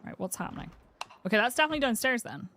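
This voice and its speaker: A woman's voice: a little high, sing-song, very fast, sharp tone, slight background noise. A woman chatting through gameplay commentary as a streamer, talking to her game character and swearing casually.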